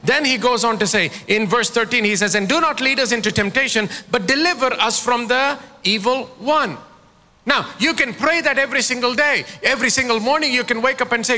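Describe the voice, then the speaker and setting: A man's voice: extremely high pitch, fairly quick, bright, forceful tone, big-room sound. A man preaching a sermon as pastor, calling on his congregation to answer back. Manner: preaching with call-and-response prompts to the congregation.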